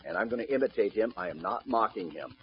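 A man's voice: on the low side, animated, fast, dull audio, slight background noise. A man preaching a sermon in an emphatic way, putting rhetorical questions to the congregation in the room.

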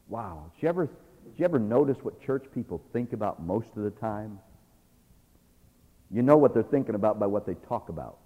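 A male preacher exhorting a church, moving between quiet asides and loud, emphatic passages. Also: medium pitch. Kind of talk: sermon. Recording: tinny phone-like sound with long reverb.

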